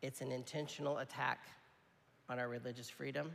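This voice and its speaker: A man's voice: mid-range voice, level tone, a little fast, creaky, fairly bright tone. A man preaching a sermon in a conversational, emphatic way, often checking in with his listeners. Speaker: pastor. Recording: long hall reverb.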